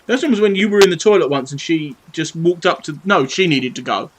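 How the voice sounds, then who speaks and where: A man's voice: on the high side, expressive, fairly quick, poor audio. A British man in his thirties chatting cheekily and swearing playfully while painting on a live stream at his home desk. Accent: British English. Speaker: livestreamer painting models.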